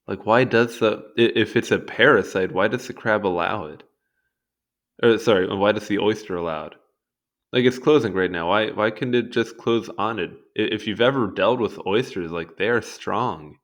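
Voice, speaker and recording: A young man with a fairly low voice reads through an encyclopedia page in a loose, casual way. He keeps wandering off into amused side comments. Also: moderate pace, fairly bright tone. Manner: rambling, easily sidetracked, amused asides. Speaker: video host reading a wiki article. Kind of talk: casual read-along commentary.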